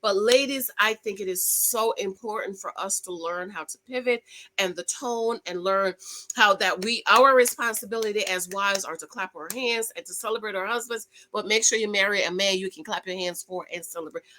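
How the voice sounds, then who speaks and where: A woman's voice: mid-range voice, moderate pace, bright, forceful tone, rough recording. A middle-aged woman, chatting casually as a show recap host, emphatic and preachy, talking straight to her viewers. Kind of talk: casual chat.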